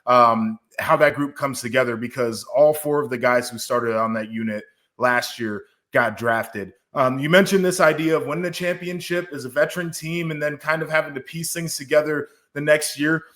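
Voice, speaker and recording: A man in his thirties co-hosting a college football podcast, talking in a relaxed, conversational way. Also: fairly high pitch, moderate pace, hardly any pauses. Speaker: podcast co-host. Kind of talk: casual sports chat.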